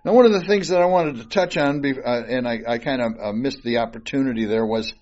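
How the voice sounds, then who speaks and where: A man's voice: mid-range voice, fast, a little mellow. A man giving an informal Bible study sermon, reading old scripture aloud and then explaining it casually with fillers and restarts. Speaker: Bible teacher. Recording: dull lo-fi recording.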